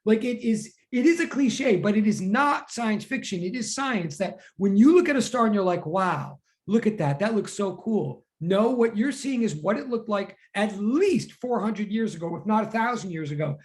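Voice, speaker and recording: A man's voice: sits high, moderate pace, few pauses. A man teaching a physics class online, talking casually and animatedly, often reacting to the class chat. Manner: chatty, animated, reads chat aloud.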